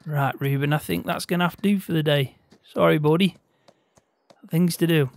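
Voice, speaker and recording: A man hosting a farming-game roleplay, laughing easily and gently coaxing a horse. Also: on the high side, moderate pace, no echo. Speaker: roleplay gamer and host.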